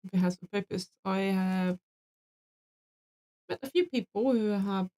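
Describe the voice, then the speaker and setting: A woman's voice: mid-range voice, measured pace, warm tone. A woman co-hosting a live question-and-answer chat who reads out viewer questions and answers frankly, with casual swearing. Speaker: co-host reading viewer questions.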